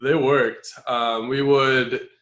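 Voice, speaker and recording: Male podcast co-host, easygoing, halting delivery, casual banter. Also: mid-range voice. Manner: relaxed, hesitant, many fillers. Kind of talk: casual chat.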